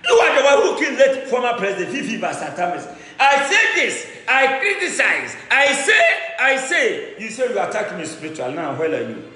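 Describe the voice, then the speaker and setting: A boastful Ghanaian-accented man declaiming as a traditional priest, his voice high, bright and sharply animated. He repeats phrases and swings from shouts to low mutters. The sound rings in a roomy hall with long reverb. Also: normal speed, hardly any pauses. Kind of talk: fiery declamation. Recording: echoey room with long reverb.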